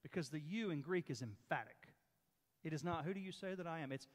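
A man with a Southern American accent, preaching a sermon as pastor in a folksy, animated way and reading scripture dramatically. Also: on the high side, a little fast. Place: church sanctuary. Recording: long hall reverb in church.

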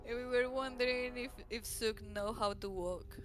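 Woman, high voice, casual player, laughs a lot, faint music behind. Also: unhurried. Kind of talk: casual play over voice chat.

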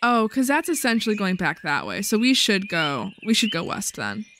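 A woman's voice: mid-range voice, big pitch swings, moderate pace, fairly bright tone, slight background noise. A woman hosting a casual let's-play video, chatting playfully to herself as she plays. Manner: playful, chatty, talks to herself while playing. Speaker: gaming video host.

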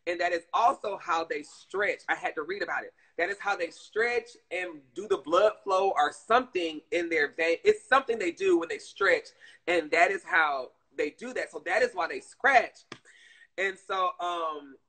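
Bright chatty man. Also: high voice, moderate pace, husky, rough recording. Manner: chatty, rambling, emotive storytelling. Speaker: live streamer. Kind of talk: casual live-stream chat to viewers.

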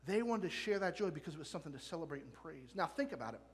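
A male pastor preaching a sermon in a lively way, asking the congregation questions and joking with them. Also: fairly high pitch, rapid-fire. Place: church sanctuary. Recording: long church reverb.

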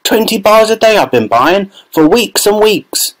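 A big, resentful boy shouts angrily in a high, strained voice, as a male narrator puts him on. He sounds jealous and loud in a storybook. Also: animated, unhurried, low-quality recording. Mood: angry. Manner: angry, shouting. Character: large angry boy, resentful.

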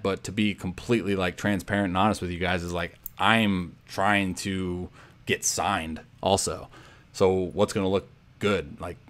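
Young male pitcher, deep clear voice, easygoing and rambling commentary over his own footage. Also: a bit bright. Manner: laid-back, rambling, full of "like" and "you know". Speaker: pro baseball pitcher. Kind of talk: casual breakdown of game footage.

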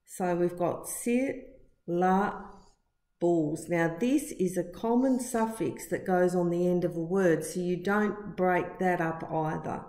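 A middle-aged woman teacher giving a recorded spelling lesson to her pupils, slow and deliberate, stretching words out to show their syllables. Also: lowish voice, a little mellow. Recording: echoey room.

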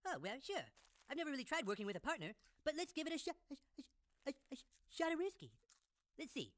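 An actor playing a cheerful young cartoon comedian who stammers on words. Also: male voice, very high voice, sing-song, fast, fairly bright tone, full character voice. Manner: stammers, repeats the start of words.

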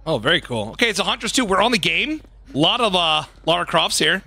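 A man giving casual, excitable gameplay commentary as a gaming YouTuber, swearing and laughing often. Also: sits high, quick pace, vocal fry.

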